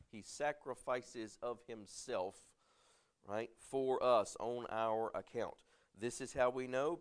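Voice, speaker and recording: A man preaching a conversational sermon, reading scripture slowly and loudly, then talking with the congregation using questions, fillers and restarts. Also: fairly low pitch. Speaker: pastor.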